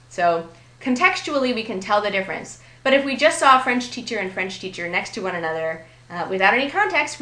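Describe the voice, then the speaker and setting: A woman explains grammar in a bright, clear voice, pausing often to check that her listeners are following. She is recorded in a noticeably echoey room. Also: medium pitch. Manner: explanatory, checks in with "right?" and "okay?". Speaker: grammar teacher.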